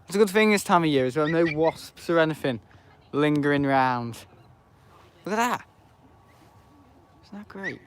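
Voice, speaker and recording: A man's voice: fairly high pitch, expressive, normal speed, long pauses, slight background noise. Chatty man rambling outdoors. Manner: rambling, chatty, self-correcting. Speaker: planespotting livestreamer. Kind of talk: casual live commentary. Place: outdoors beside an airport.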